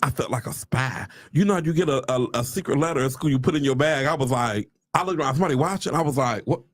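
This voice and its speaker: A man's voice: mid-range voice, fast talker, fairly bright tone. A man speaking, chatting casually on a livestream, bursting into preacher-like exclamations and addressing viewers as y'all. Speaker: realtor livestreaming to followers.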